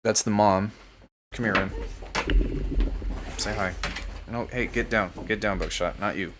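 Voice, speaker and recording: A man hosting a live stream from home as a music producer, chatting casually in a relaxed, joking way. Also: on the low side, measured pace, very noisy. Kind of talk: casual livestream chat.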